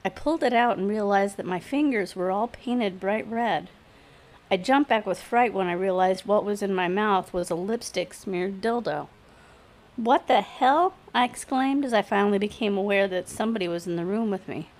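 A woman narrating a first-person story aloud in a steady, matter-of-fact reading voice. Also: medium pitch, moderate pace. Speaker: story reader.

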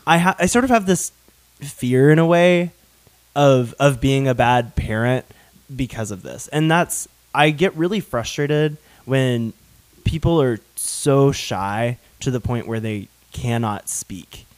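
A man's voice: mid-range voice, takes it slowly, no echo. Chatty Southern man co-hosting. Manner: chatty, laughs often, many restarts. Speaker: podcast co-host. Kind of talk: casual chat.

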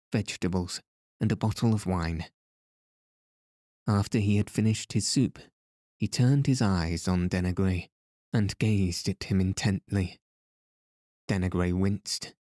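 A male narrator reads a story in a measured, steady way. His voice is low and mellow, his pace unhurried, and the recording is close and dry. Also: no echo. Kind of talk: audiobook narration.

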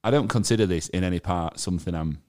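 A man's voice: low voice, quick pace, a little mellow. A young man, co-hosting a casual podcast chat, hesitant and full of restarts, laughing easily. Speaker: podcast co-host.

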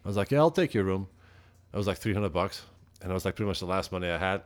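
A man from Europe, a metal musician, telling stories as a guest on a casual interview, swearing freely and acting out quoted lines. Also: very fast. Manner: profane, laid-back, acts out quotes with rising pitch.

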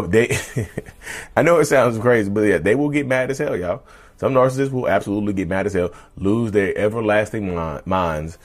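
A man hosting a casual podcast monologue, talking emphatically and repetitively and addressing listeners as y'all. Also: lowish voice. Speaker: podcast host.

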